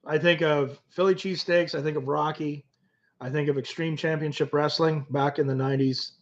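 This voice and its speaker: A man's voice: fairly high pitch, fairly even intonation, normal speed. A man from Canada hosting a casual livestream, chatting with viewers and rambling through stories with lots of restarts. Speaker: livestream host. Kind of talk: casual livestream chat reading comments. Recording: dull lo-fi stream audio.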